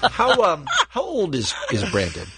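A man's voice: a little high, wildly swooping pitch, a little slow, very noisy. A man co-hosting a morning radio show, asking curious questions and joking on a studio mic. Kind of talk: casual radio banter.

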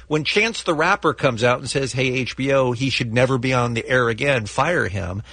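A man's voice: medium pitch, creaky, breathy edge, no room sound. A man hosting a morning radio talk show, asking guests questions and reading plugs. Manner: lively, quick questions and plugs. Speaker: radio host.

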